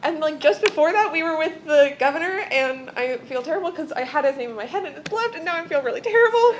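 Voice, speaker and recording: A woman's voice: high-pitched, expressive, brisk, a little hiss or hum. A young woman giving an emotional acceptance speech at an event, tearful and laughing, often losing her place in her script. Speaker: award speaker.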